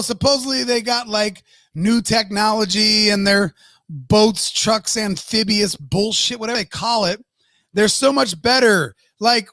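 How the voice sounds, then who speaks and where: A man's voice: extremely high pitch, bright, forceful tone, no echo. Male podcast co-host, ranty and profane, bone-dry close mic. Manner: ranting, swears freely. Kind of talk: casual live-stream chat.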